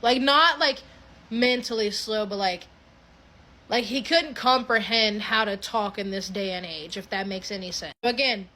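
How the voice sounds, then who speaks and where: A young adult woman telling a creepy story in a casual, animated way, swearing freely and restarting her sentences often. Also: mid-range voice, measured pace.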